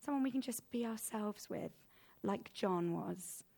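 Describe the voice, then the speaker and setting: A woman giving a sermon as preacher, earnest and conversational, growing animated when she tells everyday examples. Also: mid-range voice, measured pace, gravelly.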